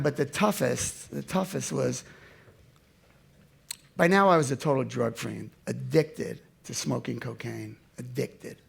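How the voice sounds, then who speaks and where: A man in his seventies with a gravelly voice, telling his life story to an audience in an animated way that swings from loud to hushed. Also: fairly high pitch. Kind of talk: storytelling talk.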